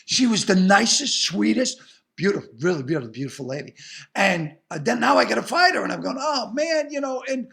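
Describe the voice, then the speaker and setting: An older man with a Boston accent tells showbiz stories as an interview guest. His voice sits high, with a gravelly fry and a bright, forceful edge. He rambles, swears freely and restarts his sentences often. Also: expressive, a little fast. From Boston area. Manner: profane, emphatic, rambling anecdotes with restarts. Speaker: guest, actor and comedian. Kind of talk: animated storytelling in an interview.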